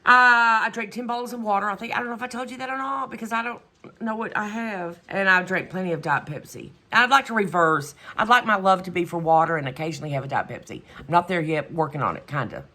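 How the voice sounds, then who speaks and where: A woman's voice: medium pitch, fast talker, pushed and bright. A middle-aged woman chatting casually in her home vlog, exasperated and rambling, trailing off with "whatever". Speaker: vlogger. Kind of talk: casual chat.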